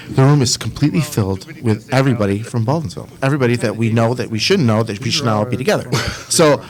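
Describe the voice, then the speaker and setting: A man telling a wild story on a casual podcast, laughing, swearing and shouting at the punchlines. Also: medium pitch, quick pace, low-quality recording.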